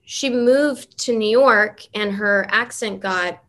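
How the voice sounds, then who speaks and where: A woman actress answering interview questions casually, halting with restarts and fillers. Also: medium pitch, fairly bright tone. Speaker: actress guest.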